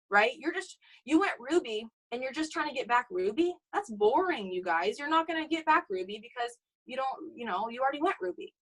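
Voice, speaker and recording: A young woman giving an energetic motivational talk to her sales team, calling out "you guys" and "okay?" all the time. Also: sits high, a little fast, gravelly, few pauses, low-quality recording. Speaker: network marketing team leader.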